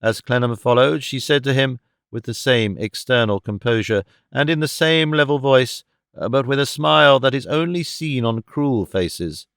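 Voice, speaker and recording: A man reading a classic novel aloud as an audiobook narrator, in a measured, steady manner. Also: mid-range voice, clear, resonant tone, no room sound, clean studio sound. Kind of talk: scripted narration.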